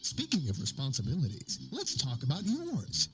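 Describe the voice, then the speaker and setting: A man's voice: huge pitch swings, normal speed, noisy background. A man voicing a chipper corporate orientation narrator. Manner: upbeat sales-pitch delivery with dark jokes. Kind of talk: scripted promo narration. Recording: over loud music.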